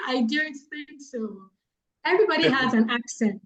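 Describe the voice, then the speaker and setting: A woman's voice: high voice, expressive, normal speed, a bit bright, lo-fi sound. A woman with a Nigerian accent giving public speaking advice, emphatic and repeating points for effect. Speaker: guest speaker.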